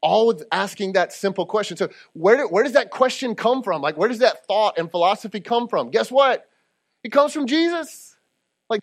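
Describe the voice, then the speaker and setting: A man's voice: high voice, a bit bright. A man who is a lead pastor, preaching a conversational sermon and often checking in with the congregation. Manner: conversational preaching with audience call-and-response asides.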